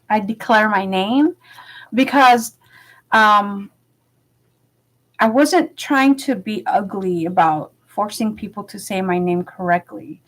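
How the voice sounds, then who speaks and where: A woman's voice: medium pitch, rough recording. Chatty woman telling a personal story. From Los Angeles, United States. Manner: chatty and candid, with many fillers and frequent laughs. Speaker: vlogger.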